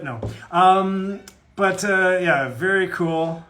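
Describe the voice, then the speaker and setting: A man's voice: high voice, slow pace, bright, forceful tone. A man chatting casually with fans on a live autograph stream, rambling and joking in a self-deprecating way. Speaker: guest voice actor at a fan autograph Q&A.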